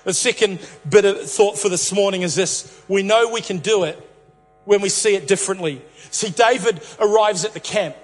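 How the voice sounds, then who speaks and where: High-voiced male pastor in a reverberant hall. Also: moderate pace. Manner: repetitive, playful storytelling with catchphrases. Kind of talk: sermon.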